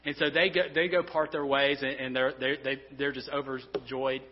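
A man's voice: mid-range voice, little pitch movement, moderate pace. A man preaching a sermon as a pastor, earnest and often stumbling over and repeating his words. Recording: dull, reverberant hall sound.

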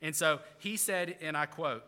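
Brief: male pastor, earnest sermon delivery, slightly high and bright. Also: normal speed, big-room sound. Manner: earnest, explanatory preaching.

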